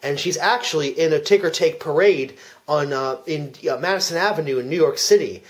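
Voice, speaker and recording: Earnest deadpan man in fake commentary. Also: on the high side, fairly quick. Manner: earnest storytelling with frequent restarts. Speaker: comedic fake commentary speaker. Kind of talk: deadpan parody commentary track.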